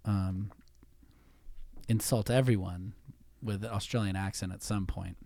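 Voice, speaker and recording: A man's voice: fairly low pitch, steady tone, unhurried, creaky, mellow, no room sound. A man hosting a casual podcast, who laughs often and leans on the filler "like" as he talks. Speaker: host.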